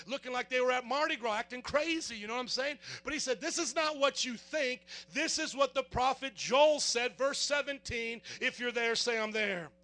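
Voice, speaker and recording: High, bright-voiced preaching pastor. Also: male voice. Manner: call-and-response preaching, quizzing the congregation; fervent, builds to shouting. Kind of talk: sermon.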